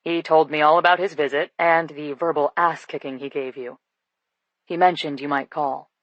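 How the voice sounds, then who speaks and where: A woman voicing a deep-voiced young man who is relaxed and teasing, in a lowered, easygoing delivery for an audiobook. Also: moderate pace, dry recording, highs cut off, natural voice.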